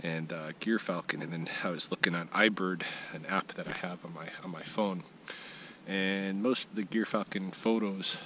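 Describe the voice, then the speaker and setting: A man's voice: deep voice, fairly even intonation, moderate pace, pushed and bright, low-quality recording. A man giving a casual weekly vlog update outdoors in his backyard, thinking aloud with plenty of fillers and restarts. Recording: outdoor ambient noise behind the voice.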